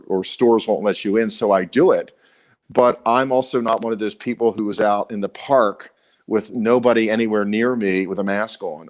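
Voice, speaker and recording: A middle-aged man with a Baltimore accent, talking on a live chat show in a low-pitched voice. He sounds worn out after an illness, earnest and halting, often breaking off and starting his sentences again. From Baltimore, USA. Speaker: co-host.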